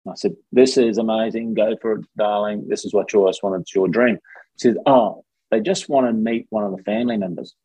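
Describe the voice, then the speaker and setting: A man's voice: fairly low pitch, fairly even intonation, fairly quick, mellow, husky, no room sound, poor audio. A middle-aged Australian man telling long rambling anecdotes as an interview guest. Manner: rambling anecdotes with many fillers. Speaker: guest, former contestant. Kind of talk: casual storytelling interview.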